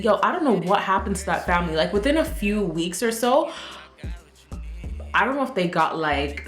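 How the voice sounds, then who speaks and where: A young woman vlogger telling a storytime tale in a chatty, animated way, often laughing and acting out what people said. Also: lowish voice. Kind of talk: casual storytime. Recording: roomy room, faint music.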